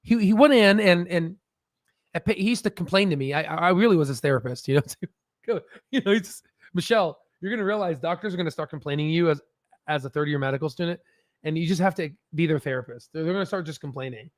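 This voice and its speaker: A man's voice: a little high, quick pace, dry recording, clean studio sound. A man hosting a stock research channel, explaining in a rambling, profane, casual way and laughing at his own jokes, talking from a standing desk.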